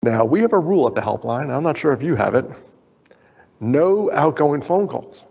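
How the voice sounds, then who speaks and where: A man's voice: a little high, sing-song, moderate pace, creaky, darkish tone, slightly rough. A man giving a storytelling conference talk, animatedly acting out the voices of the people he quotes. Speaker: conference speaker. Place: conference hall. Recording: echoey hall, dull sound.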